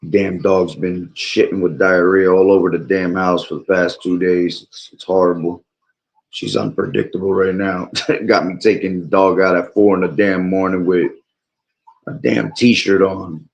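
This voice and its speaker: A man's voice: deep voice, fairly even intonation, measured pace, vocal fry. A man preaching about prophecy and reading scripture aloud, rambling and checking in with "all right?" while he is losing his voice. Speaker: bible teacher streamer.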